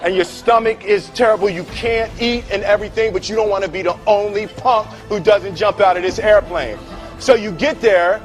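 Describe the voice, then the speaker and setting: A man giving a humorous motivational talk, telling a story with animated delivery, acting out voices, often laughing and checking in with "right?". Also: high voice, moderate pace, soft background music. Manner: repeats words and tags lines with "right?". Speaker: speaker.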